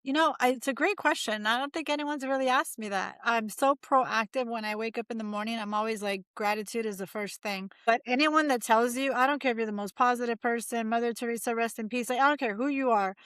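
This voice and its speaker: A woman's voice: a little high, a little fast, few pauses, a bit bright, clear, resonant tone, no echo. A woman in her forties, a mindset coach talking as a guest in an upbeat, emphatic, motivational way. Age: 40s. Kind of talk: casual interview chat.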